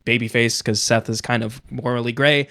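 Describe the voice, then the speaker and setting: A man's voice: medium pitch, fairly quick. A man co-hosting a podcast in casual chat, animatedly retelling events and slipping into quoted voices. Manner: animated storyteller, quotes wrestlers in put-on voices. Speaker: podcast co-host. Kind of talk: casual chat recapping wrestling.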